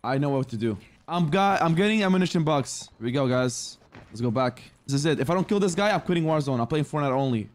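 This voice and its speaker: A man streaming himself playing video games, giving excitable commentary that breaks into shouts and laughter. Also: fairly high pitch, quick pace. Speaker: gaming streamer. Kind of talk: live-streamed gameplay commentary.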